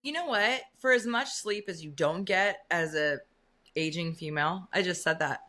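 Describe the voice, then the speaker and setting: A middle-aged woman from Illinois, co-hosting a podcast in casual chat, animated and jokingly sarcastic. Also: lowish voice, normal speed. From Illinois, USA. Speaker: podcast co-host.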